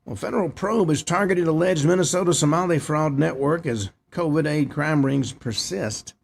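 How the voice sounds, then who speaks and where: Guy host reading news and commenting, kinda high for a man, raspy. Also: normal speed. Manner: reads headlines and adds opinionated asides.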